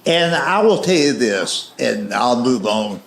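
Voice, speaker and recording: A man telling folksy stories on a comedy stage in a drawling, deadpan way. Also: mid-range voice, slow, creaky, slight background noise. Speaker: stand-up comedian. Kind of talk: stand-up storytelling. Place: comedy stage before a live audience. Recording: echoey live venue.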